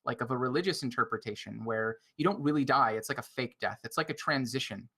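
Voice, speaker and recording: A man's voice: mid-range voice, fast talker, pushed and bright, slightly rough. A man co-hosting a roundtable film podcast, reflective and philosophical, often checking in with "right?". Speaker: podcast co-host.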